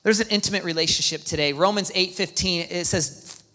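A man preaching as a pastor, excitable, swinging from hushed asides to near-shouts and acting out quoted dialogue. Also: sits high, fairly quick. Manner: acts out quoted dialogue in the talk. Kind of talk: sermon. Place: church hall. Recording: long hall reverb.

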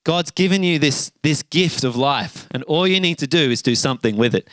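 A middle-aged man, preaching a sermon and acting out a lively story. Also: on the high side, moderate pace, no room sound. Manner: animated storyteller, acts out voices with shouts and gasps. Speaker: pastor.

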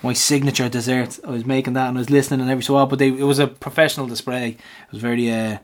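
An Irish man co-hosts a laid-back football podcast, joking, bantering and imitating people while he tells stories. His mid-range voice holds a level tone, and he talks at a racing clip.

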